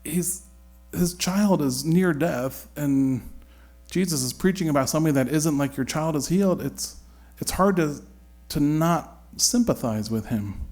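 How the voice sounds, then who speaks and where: A man's voice: on the high side, a little slow, darkish tone. A man leading a Bible study, talking it through in a searching, conversational way with frequent restarts.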